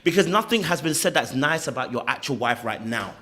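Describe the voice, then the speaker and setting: A man's voice: medium pitch, expressive, a little fast, pushed and bright. A man, hosting a podcast and giving emphatic, opinionated commentary full of stammering restarts. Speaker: podcast host reacting to clips.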